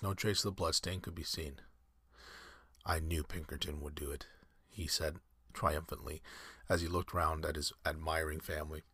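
A man reading a classic story aloud in measured, scripted narration. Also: sits low, a bit bright, slightly rough, dry recording, clean studio sound.

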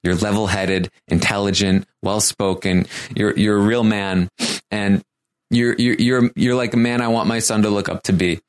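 A man voicing a tearful grown man who pours out heartfelt thanks in a rushed, halting way. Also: lowish voice, steady tone, smooth, close to an everyday voice. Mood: tearful, grateful.

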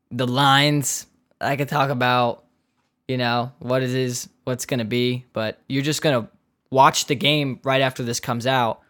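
A man hosting his podcast in an easygoing, off-the-cuff way, wandering into joking tangents between plugs. His voice sits at an average pitch, and he fills gaps with plenty of ums and uhs. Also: fairly bright tone, clean tone. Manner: rambling, joking asides, many fillers. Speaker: podcast host. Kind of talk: casual podcast intro.

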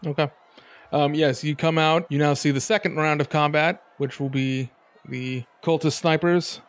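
A man's voice: a little high, steady tone. A man narrating as game master in a casual tabletop game session. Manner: casual, unhurried narration with fillers.

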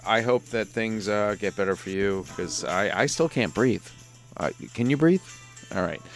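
A man with a nasal, congested voice from a sinus infection, hosting a casual podcast chat and laughing often. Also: fairly low pitch. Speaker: podcast host.

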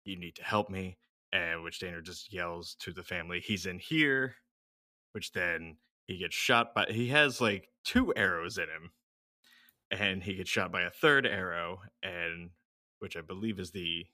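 A man co-hosting a podcast, recapping a film plot in a rambling way with many pauses. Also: low voice, bright, forceful tone, no echo. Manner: rambling, hesitant with fillers. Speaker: podcast co-host.

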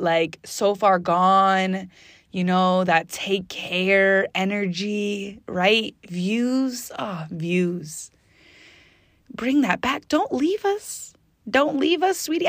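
Energetic woman hosting a positivity podcast. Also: no room sound, studio quality. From US East Coast. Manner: energetic, chatty, bursts into high exclamations. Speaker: podcast host. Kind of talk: upbeat motivational podcast monologue.

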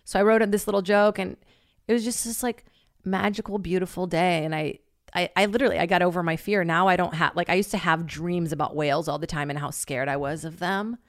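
A woman hosting a podcast, telling a funny story in a lively, casual way, swearing freely and acting out what people said. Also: on the low side, a little fast, no echo, studio quality. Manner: animated, swears freely, acts out quotes. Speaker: podcast host.

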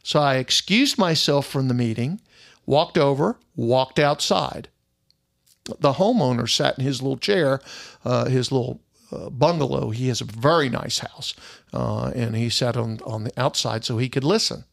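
A man's voice: mid-range voice, a little slow, creaky. A middle-aged man, a private investigator telling an indignant story in a casual monologue and acting out the other people's lines.

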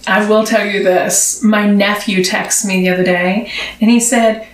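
Giggly woman, slow and roomy. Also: medium pitch, fairly even intonation. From US South. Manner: giggly, laughs often. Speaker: podcast co-host. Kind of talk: casual chat. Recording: roomy, distant mic with faint noise.

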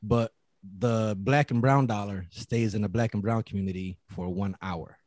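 A man in his thirties talking bluntly and profanely in casual chat, telling animated stories. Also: lowish voice, normal speed, no room sound. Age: 30s.

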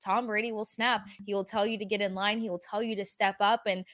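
A woman co-hosting a sports podcast, talking in an expressive, easygoing way. Her voice sits at a middling pitch and sounds dry and close, with no room echo. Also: a little fast. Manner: expressive, laughs easily, tells anecdotes. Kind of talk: casual sports chat.

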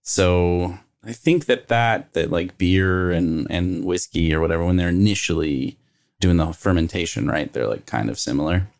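A man's voice: deep voice, normal speed, vocal fry. A man co-hosting a casual podcast, joking playfully and reading product details aloud. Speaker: podcast co-host. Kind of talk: casual chat.

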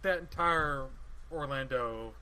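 Bright-voiced joking podcast co-host. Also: male voice, mid-range voice, slow, rough recording. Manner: enthusiastic, joking. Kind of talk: casual podcast chat.

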